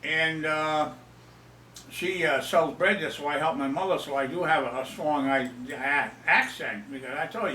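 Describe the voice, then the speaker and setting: Rambling older man, bright, in an echoey room. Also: on the high side, normal speed, distant mic, a little hiss or hum. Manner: rambling, self-mocking, repeats himself. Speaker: storyteller. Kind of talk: casual storytelling. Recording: echoey room, away from the mic.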